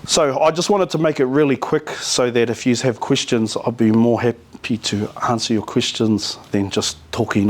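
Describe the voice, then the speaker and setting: Casual NZ-accented man, middle-aged, easygoing storyteller at a community talk. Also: mid-range voice. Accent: New Zealand. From New Zealand. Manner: relaxed, storytelling with te reo Māori words. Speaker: community speaker.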